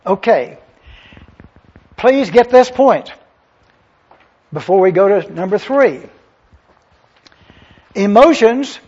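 Emphatic male preacher, high-pitched and husky; lo-fi sermon tape. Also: a little mellow. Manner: emphatic, repeats key phrases, asks the audience if they follow. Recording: dull lo-fi sermon recording.

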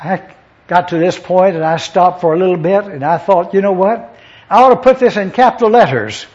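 A man preaching a sermon, reading scripture and stressing phrases in measured, emphatic lists. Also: sits high, a little mellow. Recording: dull lo-fi recording.

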